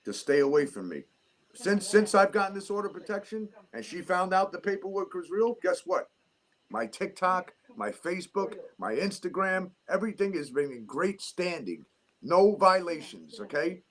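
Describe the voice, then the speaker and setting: Middle-aged New York man, high-pitched, heated and profane casual talk. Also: sing-song, moderate pace, a bit bright. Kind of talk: casual chat.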